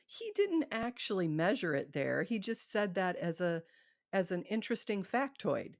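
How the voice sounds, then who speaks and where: Gravelly-voiced chatty woman host. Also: medium pitch, very animated, moderate pace, no echo, studio quality. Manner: chatty, rambling, laughs often. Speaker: livestream host. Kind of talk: casual live chat.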